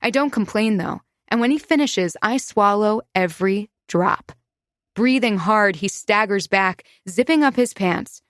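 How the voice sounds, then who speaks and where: A woman reads a first-person romance novel aloud, close and confiding, in a mid-pitched voice. The sound is dry and near the microphone, with no room around it. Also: a little slow, dry recording. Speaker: audiobook narrator.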